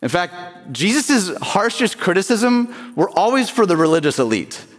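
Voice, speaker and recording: In a church sanctuary, a pastor with a high-pitched, sing-song voice preaches a sermon at a moderate pace. He keeps it conversational, often asking the congregation questions, and his voice carries a long church reverb.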